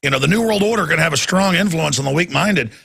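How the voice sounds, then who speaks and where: Gravelly, ranting talk radio host, a man. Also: a little high, fast, fairly bright tone. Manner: impassioned, ranting, repeats words.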